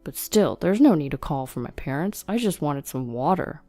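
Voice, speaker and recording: A selfish young husband, bossy and petulant, his complaints low and mellow, as a woman narrator reads him. He whines in a dry, close voice with faint music behind. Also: big pitch swings, normal speed, dry recording. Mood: irritated.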